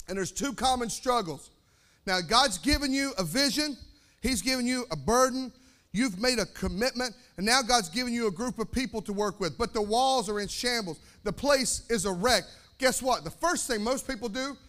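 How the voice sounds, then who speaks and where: A man preaching a sermon as pastor, energetic, repeating phrases and calling for amens. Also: very high-pitched, moderate pace.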